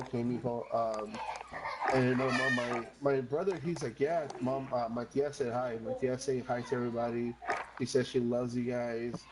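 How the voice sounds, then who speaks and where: A woman's voice: rumbling low, very noisy. A woman, telling a long rambling story with lots of swearing and some Spanish while gaming. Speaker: streamer. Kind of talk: casual chat while gaming.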